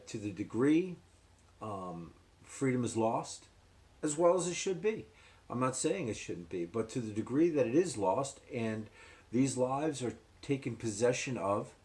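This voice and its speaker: A man's voice: mid-range voice, darkish tone. Earnest older man giving commentary. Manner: earnest, repeats points for emphasis, many fillers. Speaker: ministry host. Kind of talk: casual commentary to camera.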